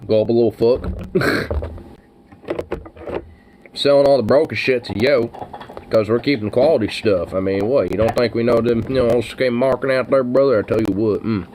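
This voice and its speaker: A man's voice: medium pitch, moderate pace, long pauses, a little mellow, a little hiss or hum, rough recording. A man in casual, profane podcast banter, rambling with lots of fillers and frequent laughs.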